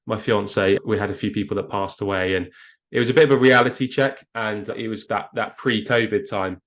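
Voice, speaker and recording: A man's voice: lowish voice, steady tone, brisk, a bit bright. A man with a southern English accent talking casually in a podcast interview, enthusiastic and self-deprecating, often restarting his words. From England. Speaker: guest photographer.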